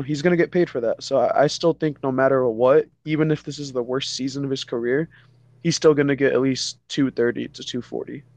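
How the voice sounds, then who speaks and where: A man's voice: medium pitch, darkish tone, no room sound. A man co-hosting a casual sports podcast, talking loosely with a lot of "you know" fillers. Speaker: podcast co-host.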